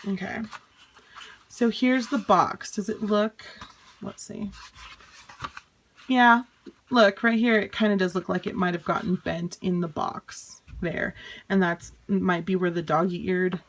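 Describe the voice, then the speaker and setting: A woman's voice: medium pitch, steady tone, slow, pauses often, slight background noise. A young woman in a casual home unboxing vlog, chatty and exasperated, swearing and laughing things off. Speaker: vlogger.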